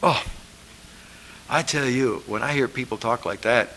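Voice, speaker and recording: A man preacher delivering a sermon, emphatic and repetitive, rising to loud scripture calls and dropping low for asides. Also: a little slow, slight background noise, rough recording. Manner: emphatic, repeating lines, rising to shouted scripture.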